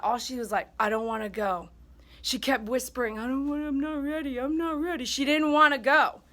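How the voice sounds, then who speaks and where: A woman's voice: high-pitched, fairly bright tone. A woman dog groomer speaking to her viewers in a casual vlog monologue, emphatic and heartfelt.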